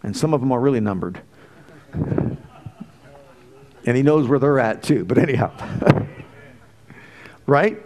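A middle-aged man preaching a sermon, emphatic and full of rhetorical questions, swinging between loud exclamations and hushed asides. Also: medium pitch, expressive, a little slow, long pauses.

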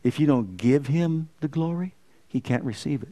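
Pastor, male, fairly high voice, preaching style with rhetorical questions and building emphasis. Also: lively intonation, normal speed, dark tone. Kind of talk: sermon.

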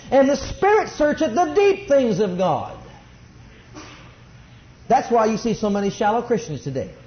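A middle-aged man preaching a sermon, swinging between soft asides and rising exclamations. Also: very high-pitched. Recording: dull roomy recording.

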